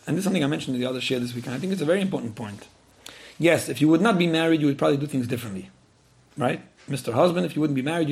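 A man's voice: on the high side, creaky. A man giving earnest advice in answer to a listener's letter, often repeating words and acting out what people might say. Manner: earnest, repeats words, acts out quoted speech. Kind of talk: advice talk.

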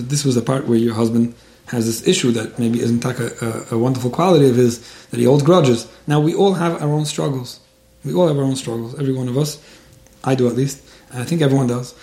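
A man's voice: mid-range voice, warm tone. A man giving religious advice in a casual talk, earnest, often stammering and restarting his words. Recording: roomy echo.

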